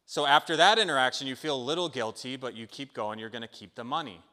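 Conversational preacher guy, keeps saying okay to the crowd, bright sharp voice, long hall echo. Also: mid-range voice, fast talker, hardly any pauses. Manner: animated, conversational, keeps checking in with listeners. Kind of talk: sermon with storytelling.

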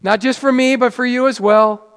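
A middle-aged male pastor with a notably high voice preaches in a relaxed, talky way, repeating words as he restarts his sentences. His voice often drops soft and low for emphasis. The sound carries a long hall reverb from the church. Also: normal speed, smooth. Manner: conversational preaching with many restarts, dropping to soft lows. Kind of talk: sermon.

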